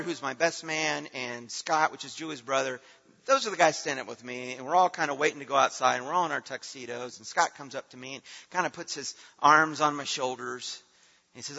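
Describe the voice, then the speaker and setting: A middle-aged man preaching a sermon as pastor, earnest, his voice swelling loud and then dropping soft. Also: a little high. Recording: dull lo-fi sound in a reverberant hall.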